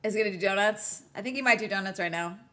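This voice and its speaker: A young woman streaming a race watch-along, reacting out loud in casual chat and laughing often. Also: medium pitch, racing. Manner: excitable, laughs often, talks to herself. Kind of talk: casual live reaction commentary.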